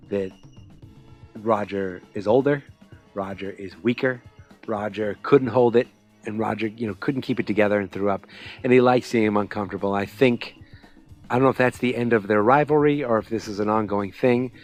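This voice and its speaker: A man hosting a podcast, recapping a TV episode in a casual, sarcastic way with lots of fillers. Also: on the low side. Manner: chatty, sarcastic, lots of fillers and quoted voices. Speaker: podcast host.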